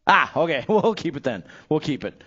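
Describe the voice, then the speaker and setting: A man's voice: fairly high pitch, very animated, normal speed, fairly bright tone, husky, highs cut off. A man calling a live bike race as the track announcer, upbeat and joking, giving riders playful nicknames.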